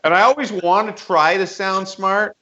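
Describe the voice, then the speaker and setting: A man's voice: sits high, moderate pace, bright, forceful tone, lo-fi sound. A man co-hosting a casual podcast, telling stories about himself and laughing often. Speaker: podcast co-host.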